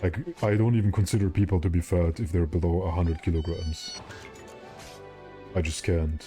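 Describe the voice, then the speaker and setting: While streaming a game, a young man chats casually with his viewers, rambling, joking, and answering chat as he plays. His voice sits low with a steady tone at a moderate pace, heard over music.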